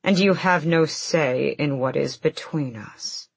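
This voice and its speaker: A woman's voice: slow pace, creaky, husky, no room sound, full character voice. A woman doing a grim, terse male warrior. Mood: hard. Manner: low, flat and terse.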